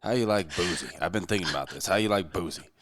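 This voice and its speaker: A man voicing a gruff male high school football coach with a Texas accent, drawling and stumbling over a player's name. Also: quick pace, a bit bright, no echo, clean studio sound. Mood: coaxing.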